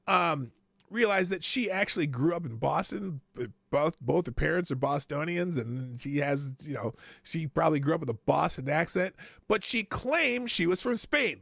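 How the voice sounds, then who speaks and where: A man's voice: sits high, vocal fry, fairly bright tone, no room sound. A male host giving casual live commentary, crude and mocking, often breaking into laughter.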